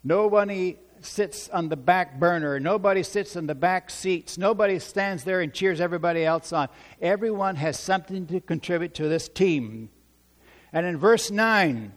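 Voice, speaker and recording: A man preaching a sermon in a church, slow and emphatic, repeating key phrases for stress. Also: a little high. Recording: long reverb of a large hall.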